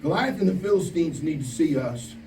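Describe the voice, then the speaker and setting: A man preaching a camp sermon, telling stories in an animated way and acting out the voices of the people in them. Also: on the high side, brisk, a little hiss or hum. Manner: animated storytelling, acts out quoted voices. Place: large room at a camp meeting. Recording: echoey room, distant mic, faint ambience.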